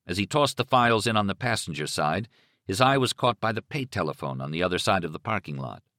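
A man narrating a novel in an expressive, dramatic reading. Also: low voice, quick pace, no room sound, clean studio sound. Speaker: audiobook narrator. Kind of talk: scripted narration.

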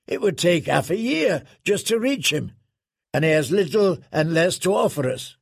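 A stern middle-aged lord commander, read by a man in an audiobook gives orders with cold deliberation. The voice is gravelly and husky, close and dry, pitched slightly above the narrator's own. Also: expressive, normal speed, dry recording, heavily acted. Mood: commanding.

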